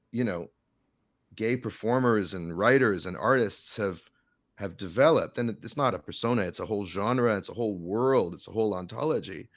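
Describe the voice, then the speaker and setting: A man in his forties with a low-pitched voice talks through a casual podcast chat. He is articulate and riffs on his points with sardonic asides. The sound is very dry and close, with no room around it. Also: no echo. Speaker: podcast guest.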